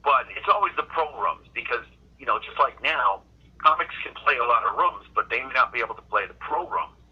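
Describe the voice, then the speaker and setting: Middle-aged guy from boston, comic telling road stories, husky voice, keeps restarting his sentences, dull lo-fi sound. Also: mid-range voice, expressive, brisk. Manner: rambling storyteller, frequent restarts. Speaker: guest comedian. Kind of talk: casual interview chat.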